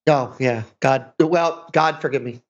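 A man's voice: mid-range voice, a little slow. A middle-aged man co-hosting a podcast, rambling in casual chat with sarcastic, self-mocking humour. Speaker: podcast co-host. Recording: dull lo-fi sound.

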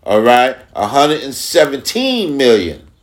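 A man's voice: mid-range voice, wildly swooping pitch, unhurried. A man hosting a casual sports talk podcast, speaking emphatically and repeating phrases for effect. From Long Island, New York. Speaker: podcast host.

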